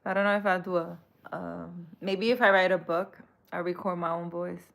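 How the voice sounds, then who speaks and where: A woman spiritual reader chatting casually on a live stream, soft-spoken and hesitant as she answers comments. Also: on the low side, little pitch movement, normal speed, gravelly.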